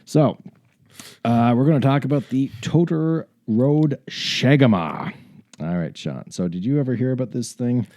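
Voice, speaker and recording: A Canadian man hosting a podcast, chatting casually in a rambling, self-mocking way that often trails off quietly. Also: mid-range voice, unhurried, dry recording, highs cut off. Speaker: podcast host. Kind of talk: casual chat.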